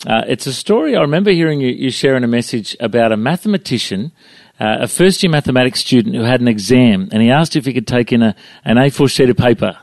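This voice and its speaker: A male host interviews a guest, hesitating with frequent fillers. His voice is gravelly and creaky, and the recording is dry and close, with no room sound. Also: mid-range voice, expressive, fast, a little mellow, no echo. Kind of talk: casual interview.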